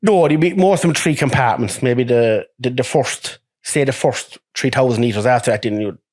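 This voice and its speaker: A young Irish man, a truck driver, telling lively stories in casual chat, swearing and acting out what others said. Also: medium pitch, normal speed. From Ireland. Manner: animated, swearing, acts out quoted voices with laughs.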